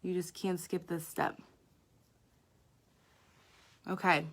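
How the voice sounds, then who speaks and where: A woman's voice: lowish voice, little pitch movement, slow pace, fairly bright tone. A woman makeup artist giving a chatty live makeup tutorial, talking straight to her viewers.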